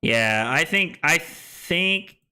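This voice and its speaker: A young man with a bright, slightly high voice streams a card game live. He talks through each play and chats with viewers, teasing himself along the way. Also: lively intonation, very slow, clean tone. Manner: playful, self-deprecating, chatting with viewers while playing.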